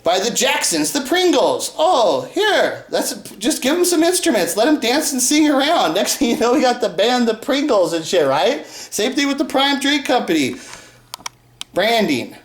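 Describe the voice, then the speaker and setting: A host talking in a loose, swearing monologue, piling up rhetorical questions. The voice swings widely up and down in pitch, from mid-range to high. It sounds roomy, with echo off the walls. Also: sing-song, moderate pace. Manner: rambling, profane, rhetorical questions. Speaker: show host. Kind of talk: casual profane monologue.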